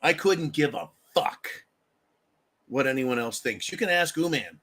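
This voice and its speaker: A man with a mid-range, fairly bright, slightly rough voice hosts a live stream, speaking at a measured pace with lively intonation. He rants angrily about politics, cursing heavily and thanking viewers for their donations.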